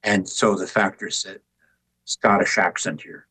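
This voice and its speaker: An older man, an author and artist, telling relaxed anecdotes with wry humor in an interview. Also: low voice, a little slow, slightly rough, no room sound, low-quality recording. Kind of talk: conversational interview storytelling.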